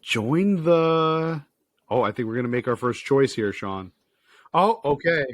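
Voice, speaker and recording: Lively joking male podcast host. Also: medium pitch, a little slow, dry recording. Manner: joking, hesitant, with laughs. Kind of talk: casual game playthrough chat.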